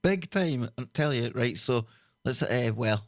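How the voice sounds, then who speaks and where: A man hosting a casual livestream chat, talking in an excitable, slangy way. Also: medium pitch, a little slow, no room sound, studio quality. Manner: excitable, loud laughs, slang-heavy. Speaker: host.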